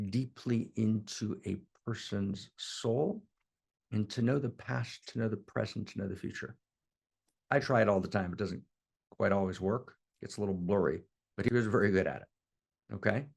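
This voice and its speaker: A man with a low voice and a rough, gravelly edge tells a teaching story. He wanders off on tangents and keeps tossing in "right?" to check that his listeners are following. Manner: frequent "right?" check-ins, digressive. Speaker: spiritual teacher.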